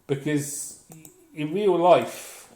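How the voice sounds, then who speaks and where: A man's voice: a little high, extremely slow, dark tone. A man delivering a blunt, profane, sardonic comic rant as a vlogger. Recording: echoey room.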